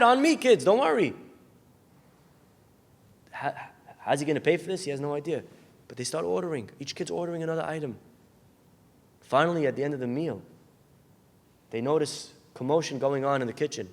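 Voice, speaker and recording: Animated rabbi preaching in a reverberant hall. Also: male voice, on the high side, fast talker, long pauses. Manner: animated storyteller acting out characters, shouting in bursts. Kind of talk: sermon with storytelling.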